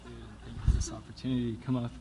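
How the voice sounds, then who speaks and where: A man's voice: medium pitch, level tone, rapid-fire. A man from the congregation praying aloud, shy and hesitant, stumbling with fillers. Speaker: volunteer from the congregation. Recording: distant voice under loud noise.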